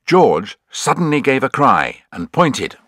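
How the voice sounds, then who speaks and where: A man narrating a children's adventure audiobook in an expressive, measured storytelling way. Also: medium pitch, no echo, clean studio sound.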